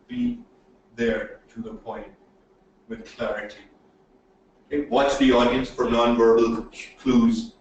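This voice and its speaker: A man giving a webinar lecture on presentation skills, emphatic and animated, often checking in with "okay?". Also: mid-range voice, heavy reverb, distant mic, a little hiss or hum, rough recording. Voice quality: animated, swings loud and soft.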